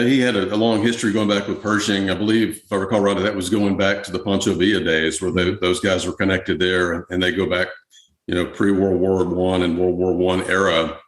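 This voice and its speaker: A man, a historian guest, answering interview questions in a relaxed, conversational way with frequent fillers. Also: low voice, reverberant.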